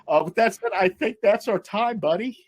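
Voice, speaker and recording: A man's voice: sits high, normal speed. A man hosting a comedy panel over a video call, telling a rambling story with lots of fillers and giggles.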